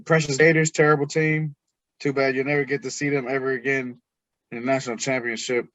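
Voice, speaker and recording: A man hosting a casual sports podcast, talking in an animated, teasing way. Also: mid-range voice, fairly quick, no room sound. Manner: animated, teasing, mimics others' voices. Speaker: podcast host.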